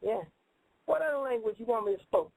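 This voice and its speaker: A man's voice: very high-pitched, lively intonation, brisk, vocal fry, a little mellow, no room sound, low-quality recording. A man hosting a comedic call-in radio show, talking in a rambling, boastful way with broken grammar.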